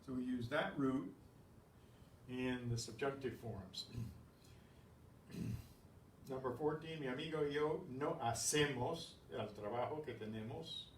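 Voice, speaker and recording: A man teaching a language class, patient and methodical with wry asides, often clearing his throat, on a lapel mic that picks up static. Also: mid-range voice, measured pace, pauses often, reverberant, distant mic. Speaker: Spanish teacher. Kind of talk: classroom lesson. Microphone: lapel mic that catches his badge.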